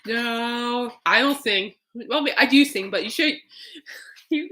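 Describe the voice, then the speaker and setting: A woman's voice: a little high, unhurried, pushed and bright. A woman hosting a podcast in casual, rambling chat, laughing often. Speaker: podcast host.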